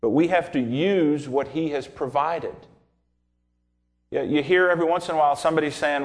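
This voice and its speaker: A male preacher delivering a sermon, with a voice pitched a little above the usual for a man. He works through his text point by point and questions the congregation directly. When he tells a story, he acts out each character's voice with animation. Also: moderate pace.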